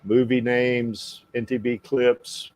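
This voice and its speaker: A man's voice: mid-range voice, flat delivery, slow pace, darkish tone. A man hosting a casual livestream podcast, rambling with lots of fillers and frequent laughs. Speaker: podcast host.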